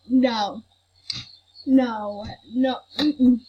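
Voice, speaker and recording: A woman's voice: fairly high pitch, very slow, slightly rough, muffled recording. A woman hosting a gaming channel, chatting casually over gameplay and grumbling that she is not mad. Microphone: computer recording mic.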